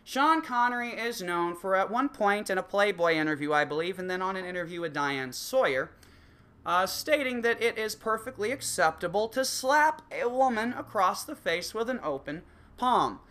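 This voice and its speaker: A man's voice: high-pitched, animated, moderate pace, pushed and bright. A man delivering a profane, sarcastic comedic rant, swearing constantly. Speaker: comedic ranter.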